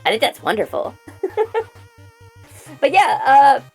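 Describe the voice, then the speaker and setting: Young woman streamer rambling thru trivia, voice bounces up and down a lot, soft music behind. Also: sits high, creaky, breathy edge. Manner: rambling, excited trivia talk with quick restarts. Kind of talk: casual stream chat.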